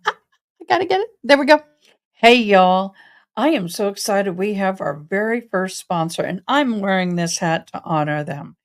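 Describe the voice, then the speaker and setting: A woman hosting a casual livestream, bubbly and effusive, greeting viewers as y'all. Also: medium pitch. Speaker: host of a legal news channel.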